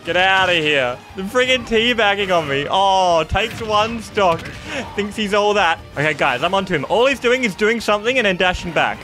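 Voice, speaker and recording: A young man giving excitable live gameplay commentary, laughing often and shouting at big moments. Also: sits high, moderate pace, faint music behind. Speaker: gaming YouTuber.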